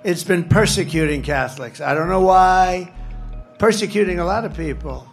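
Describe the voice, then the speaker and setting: A man with a high voice speaks into a stage microphone at a rally. He rambles off the cuff and hammers his points by repeating short phrases, while faint music plays behind him. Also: normal speed. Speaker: political candidate speaking at a rally. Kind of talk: campaign rally speech.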